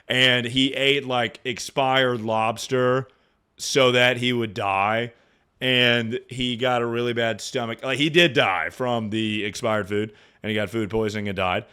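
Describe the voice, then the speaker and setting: A man's voice: mid-range voice, steady tone, normal speed, pushed and bright, smooth. Rambling, swearing young streamer guy. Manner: rambling, profane, jokey, often slips into impressions. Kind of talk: casual livestream commentary.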